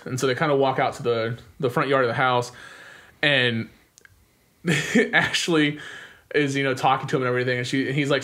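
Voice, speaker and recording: A man's voice: medium pitch, fairly even intonation, normal speed, bright, forceful tone. A young man chatting casually on a podcast, animatedly retelling scenes, acting out quotes and laughing often.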